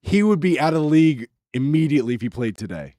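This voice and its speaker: A man co-hosting a casual podcast, his voice going a bit hoarse, telling a story with easygoing enthusiasm. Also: a little high, big pitch swings, fast, a crowd in the background. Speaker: podcast co-host. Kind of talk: casual chat.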